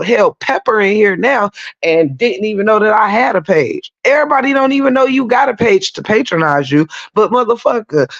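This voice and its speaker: A woman's voice: lowish voice, muffled recording. A woman hosting a live stream, ranting bluntly and profanely in casual talk. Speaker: livestream host.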